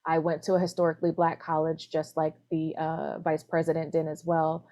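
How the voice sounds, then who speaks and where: A woman's voice: low voice, monotone, brisk, mellow. An American woman reporter answering interview questions over a video call, speaking thoughtfully with many "you know"s. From United States. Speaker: newspaper reporter. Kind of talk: remote interview.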